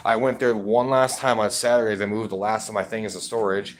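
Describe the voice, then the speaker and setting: A man's voice: lowish voice, level tone, brisk. A man talking in a personal video update, rambling and cursing heavily in an agitated way. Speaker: vlogger.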